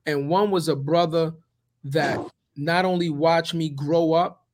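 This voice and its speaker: A man co-hosting a podcast, telling a story in a heated, profane, animated way. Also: a little high, a little slow, slight background noise. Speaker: podcast co-host. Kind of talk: casual podcast conversation.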